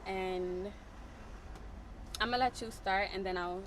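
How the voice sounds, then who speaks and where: A woman's voice: medium pitch, fairly even intonation, slow pace. Young woman chatting, nervous laughs, cuts in to fix the story, heavy noise behind her. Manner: nervous laughter, interjects to correct details. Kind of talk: casual storytime chat.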